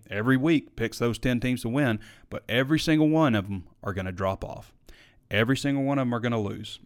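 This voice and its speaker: A man hosting a live sports talk show, chatting casually and opinionated, reading viewer comments and arguing back. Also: fairly low pitch. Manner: opinionated, conversational, frequent fillers.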